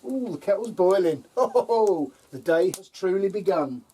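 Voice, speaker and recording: This older allotment vlogger has a high-sitting, mellow voice with a breathy edge, speaking animatedly but at a measured pace. He relaxes into funny anecdotes for the camera, chuckling and umming, heard from a distance amid faint outdoor ambience.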